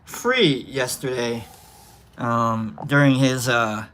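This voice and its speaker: Rambling man with a bright voice. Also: medium pitch, steady tone, slow pace. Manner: rambling, filler-heavy, joking, affectionate. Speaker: livestream host. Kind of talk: casual livestream sign-off reading chat names. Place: indoor room.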